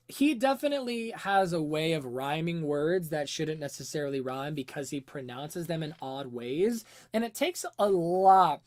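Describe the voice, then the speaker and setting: A woman's voice: low-pitched, darkish tone. A woman hosting a casual music-analysis livestream, explaining songs in a chatty way and answering questions from the chat with plenty of fillers. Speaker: music teacher and livestream host.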